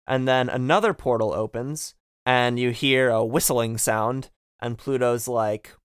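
A man's voice: medium pitch, fairly even intonation, unhurried, clear, resonant tone, dry recording, clean studio sound. A man co-hosting a casual podcast, recapping a video game from his notes, joking and laughing often. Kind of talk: casual chat. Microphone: close podcast mic.

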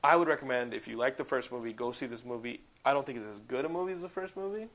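A young man hosting a podcast in casual chat. He is excitable, swears and says "like" a lot. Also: mid-range voice, fast. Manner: excitable, profane, heavy use of "like". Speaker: podcast host.

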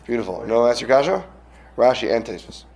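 A man's voice: medium pitch, brisk, vocal fry. A man teaching a casual Talmud class, checking in with his students and acting out little scenes to explain a point. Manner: lively, questions students, acts out little scenes.

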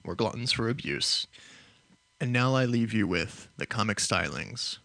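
A lower-pitched man with a bright, forward tone reads podcast plugs and sign-offs. His delivery is measured and upbeat. The recording is dry and close. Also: lively intonation, vocal fry, no echo. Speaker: podcast co-host reading the outro. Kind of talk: show outro announcements.

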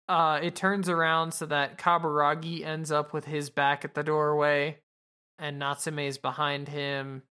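A woman's voice: sits low, flat delivery, slow pace, pushed and bright, clean tone. A woman podcast host casually recapping an anime episode, rambling and swearing with lots of fillers.

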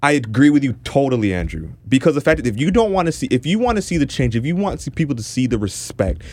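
A man from Toronto, Canada, co-hosting a casual podcast, rants passionately and keeps restarting his sentences. His medium-pitched, slightly mellow voice moves fast with big pitch swings.

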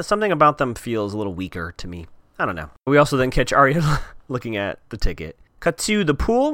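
A man's voice: fairly high pitch, bright, forceful tone, no echo, clean studio sound. A man giving a chatty, wry recap of a TV episode with sarcastic asides.

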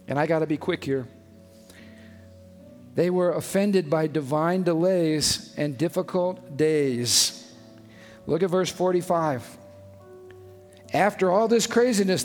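Male pastor, high voice, chatty and emphatic sermon in a reverberant church. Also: darkish tone. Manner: emphatic, conversational, rhetorical questions. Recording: long hall reverb, faint music behind.

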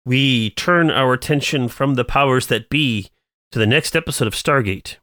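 A man's voice: mid-range voice, normal speed, pushed and bright, no echo. A man co-hosting a podcast, reading a listener email aloud and chatting, with dry reactions. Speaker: podcast co-host.

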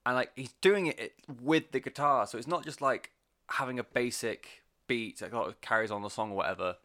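A man's voice: mid-range voice, a little fast, sharp tone. A man giving a casual, enthusiastic music review, rambling with plenty of fillers and swearing. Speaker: album reviewer.

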